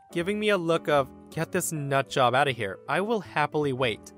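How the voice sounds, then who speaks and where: A man hosting a podcast, reading a story aloud in an animated, sardonic way. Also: fairly high pitch. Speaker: podcast host reading stories. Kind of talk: story narration with quoted voices.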